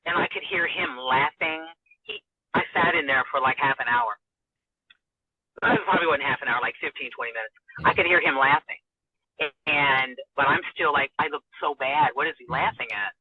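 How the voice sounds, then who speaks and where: A woman broadcaster with a husky, slightly breathy voice tells a personal story in a sit-down interview, emotional and animated. Her voice comes through a narrow, phone-like band in a very dry recording with no room sound. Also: deep voice, normal speed, pauses often, no echo. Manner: animated, acts out quoted dialogue; warm and emotional, laughs often. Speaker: radio and TV broadcaster, interview guest.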